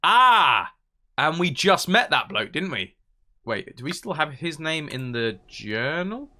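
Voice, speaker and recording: Lively, bright-voiced streamer. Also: male voice, fairly high pitch, a little slow. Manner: chatty, thinks aloud and reads out viewer messages. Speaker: game streamer. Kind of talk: casual live-stream chat.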